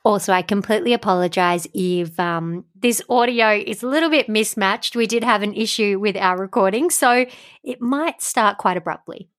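A young woman co-hosting a podcast in casual chat, gushing and animated and laughing often. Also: medium pitch, normal speed. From Australia. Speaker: podcast co-host.

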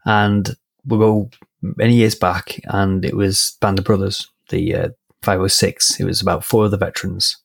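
A man from England with a low voice tells a story on a podcast. He is animated, laughs often, and jumps between thoughts. The recording is dry and close. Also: normal speed, creaky, no room sound. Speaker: podcast co-host. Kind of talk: casual podcast chat, storytelling.

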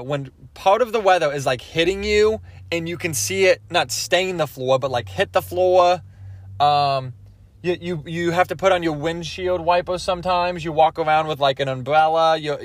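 A man's voice: fairly high pitch, a bit bright, no room sound, studio quality. A man in his twenties doing a rambling comic podcast monologue, often breaking off and asking "okay?". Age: 20s. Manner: rambling, self-interrupting, asks "okay?" often. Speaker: podcast host.

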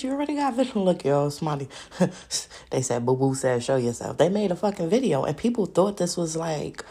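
A woman's voice: medium pitch, gravelly, slightly rough. A woman hosting a podcast and ranting in a casual, profane, rambling monologue. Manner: animated, profane, rambling rant. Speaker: podcast host.

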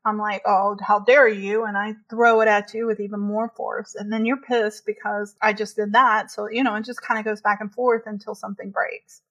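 A woman's voice: medium pitch, level tone, fairly quick, few pauses, a bit bright. A woman in casual conversation, chatty and laughing often, with many fillers as she talks. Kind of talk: casual chat.

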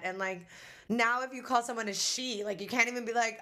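A woman's voice: on the high side, steady tone, fairly quick, pushed and bright. A woman co-hosting a casual chat podcast, rambling and filling her sentences with "like". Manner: chatty, rambling with many "like"s. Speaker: podcast co-host.

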